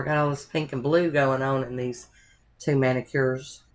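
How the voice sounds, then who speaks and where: A woman's voice: a bass voice, little pitch movement, moderate pace. A woman narrating a nail art tutorial in a chatty, rambling way, with homey asides to her viewers.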